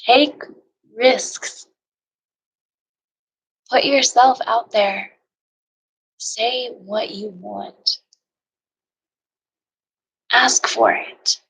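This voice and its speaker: A woman yoga teacher giving an earnest, emotional motivational talk, sometimes dropping into soft near-whispers. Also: a little high, very slow, vocal fry, long pauses, breathy edge, poor audio. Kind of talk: personal motivational monologue.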